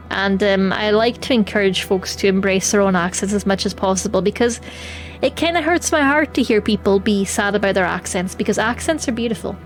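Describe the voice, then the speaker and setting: A woman streamer with a Scottish Highlands accent flavoured by the Western Isles chats easily with her viewers as she plays. Her voice sits at an ordinary middle pitch, and she laughs readily between her thoughts. Soft music plays quietly behind her. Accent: Scottish Highlands with Western Isles touches. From Scotland. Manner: chatty, laughs easily, talks to chat. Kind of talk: casual chat while gaming.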